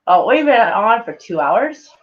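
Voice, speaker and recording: A man live-streaming in a loose, meandering chat, heavy on "like" and freely swearing, with a mild speech impediment. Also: very high voice. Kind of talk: casual rambling stream chat. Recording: dull lo-fi home stream audio.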